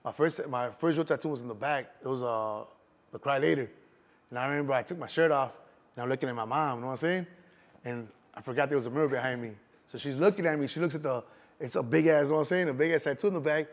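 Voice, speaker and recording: Fast-talking Chicago man with street slang. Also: medium pitch. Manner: streetwise slang, keeps saying "you know what I'm saying". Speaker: interview guest. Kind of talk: casual storytelling.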